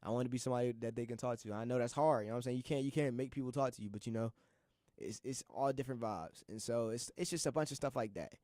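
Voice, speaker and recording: A young man hosts a college radio show solo, talking in a casual, rambling, slangy, heartfelt monologue and often repeating himself. His mid-range voice is fast and a little mellow, recorded dry and clean in a studio.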